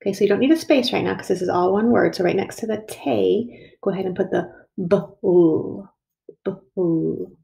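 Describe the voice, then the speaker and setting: A woman talks young children through writing a sentence word by word. She is slow and patient and stretches each sound out. Her tone is mellow, with a bit of gravel at the ends of her phrases. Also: mid-range voice. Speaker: teacher. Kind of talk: early reading and writing lesson.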